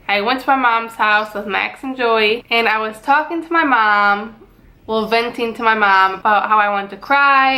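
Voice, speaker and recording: A young woman vlogger retelling a stressful day at home, animated and dramatic, tossing out rhetorical questions. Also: on the high side, clear, resonant tone. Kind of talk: storytelling vlog. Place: home garage and yard, outdoors at times.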